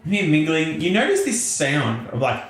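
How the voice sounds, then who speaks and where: A man's voice: fairly high pitch, huge pitch swings, normal speed, roomy sound, soft background music. A man narrating a tabletop game as game master in a loose, casual way. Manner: laughing, loose and casual, many fillers.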